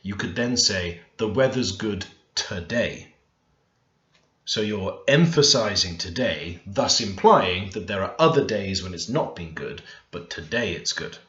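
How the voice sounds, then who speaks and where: A man's voice: low voice, expressive, moderate pace, few pauses, a bit bright. A man working through a grammar lesson over a screen recording, thinking aloud and stressing the words in his example sentences. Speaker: language learner teaching. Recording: echoey room, dull lo-fi sound.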